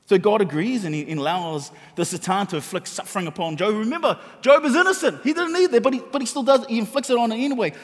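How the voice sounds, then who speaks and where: A man's voice: sits high, lively intonation, quick pace. A man preaching a sermon, talking animatedly and conversationally, often restarting his sentences. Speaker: pastor. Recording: hall with long reverb.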